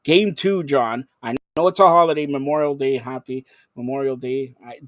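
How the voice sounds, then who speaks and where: A man's voice: medium pitch, normal speed, dry recording, studio quality. A man hosting a live sports talk show, chatty and rambling like an announcer.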